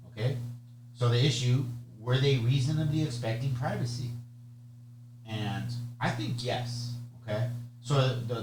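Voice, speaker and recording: A man giving a conversational exam lecture, chatty, often checking in with "okay?" and "right?". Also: medium pitch. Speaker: bar exam tutor. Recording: echoey room with steady hum.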